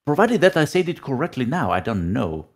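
Italian man with a gravelly, lively voice. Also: medium pitch, a little fast. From Italy. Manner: animated, searching for English words. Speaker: guest. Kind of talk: casual podcast chat.

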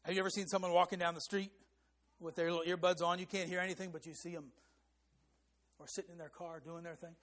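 A man's voice: high-pitched, flat delivery, quick pace, a bit bright. A man preaching an evening sermon, sometimes singing short hymn lines to show a rhythm, and rising into emphatic stress on key points.

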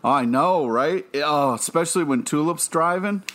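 A man's voice: on the high side, normal speed, a bit bright. A man co-hosting a podcast, talking enthusiastically and rambling with fillers in casual chat. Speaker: podcast co-host.

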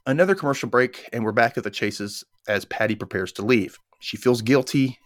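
A man's voice: medium pitch, brisk, no room sound. A man co-hosting a podcast, casually recapping a TV episode scene by scene. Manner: animated retelling, briefly voicing characters' lines. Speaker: podcast co-host.

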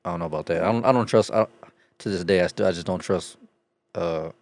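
A man's voice: sits low, fast talker, darkish tone. A man in casual podcast chat, telling profane stories between bursts of laughter.

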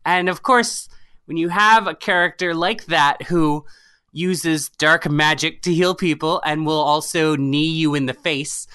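A woman's voice: low voice, unhurried, clear, resonant tone. A woman guest on a podcast, telling stories animatedly in a casual chat and often laughing. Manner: animated storytelling with frequent laughs. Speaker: podcast guest, writer and storyteller.

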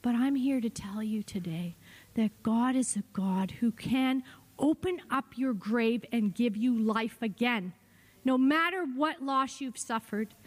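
A middle-aged woman pastor preaches with passion, sometimes falling to a hush and then climbing up high. Her voice sits high, and a long reverb from the church sanctuary trails each phrase. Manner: impassioned preaching, voice swinging between hushed and rising. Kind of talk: sermon.

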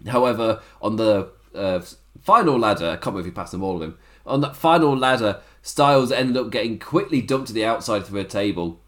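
A man giving a casual solo review of a wrestling show, chatty and loose, laughing often between points. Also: medium pitch.

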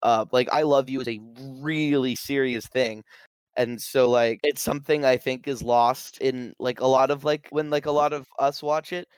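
A man's voice: medium pitch, steady tone, normal speed, clean tone, no echo. A man in casual conversation, animatedly retelling movie scenes and acting out bits of the dialogue. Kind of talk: casual film discussion.

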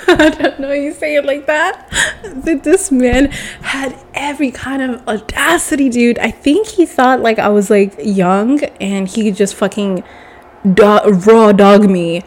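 A young woman with a stuffy nose telling a long personal story in a casual, animated way, swearing freely and calling the listener baby. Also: high-pitched, takes it slowly.

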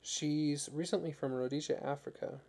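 Shy, earnest young woman, hesitant and polite, voiced by a man in his own gravelly tone. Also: fairly high pitch, fairly even intonation, moderate pace, darkish tone.

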